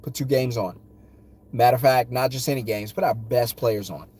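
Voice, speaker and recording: A man's voice: medium pitch, normal speed, darkish tone, breathy edge. A man vlogging his opinions on sports, talking in emphatic, punchy, repeated phrases while in a car. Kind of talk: casual opinion rant.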